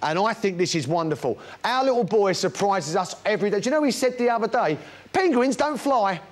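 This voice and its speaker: A man's voice: sits high, expressive, quick pace. A British man presenting a shopping channel demonstration, chatty and enthusiastic, full of anecdotes. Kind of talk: live product demonstration sales pitch.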